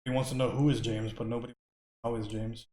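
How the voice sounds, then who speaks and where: A man's voice: medium pitch, little pitch movement, quick pace, mellow, reverberant. A man from India chatting casually with his stream viewers while painting. He rambles, laughs often and answers questions from chat.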